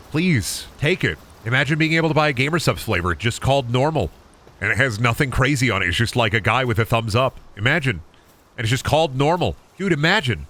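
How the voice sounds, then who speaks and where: A man streaming a game, chatting casually in an animated, joking, crude way. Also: medium pitch. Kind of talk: casual gaming stream chat.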